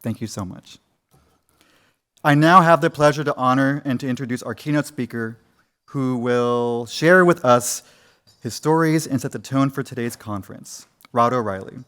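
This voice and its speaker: A man's voice: medium pitch, normal speed, fairly bright tone. A man opening a university conference in a lecture room, formally thanking sponsors and introducing the keynote speaker. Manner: formal, reads out a list of thanks.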